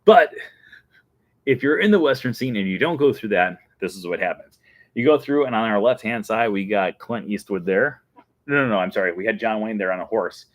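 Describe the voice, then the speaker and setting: A male host chatting casually and with enthusiasm, laughing now and then. His voice sits low. The recording is dry and close with no room sound. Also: no echo. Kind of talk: casual chat.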